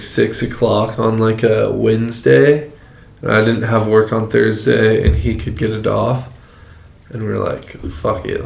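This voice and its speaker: Low-voiced laid-back young man, gravelly. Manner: laid-back, slangy, says "dude" and "like". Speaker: guest. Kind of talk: casual chat. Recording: echoey room.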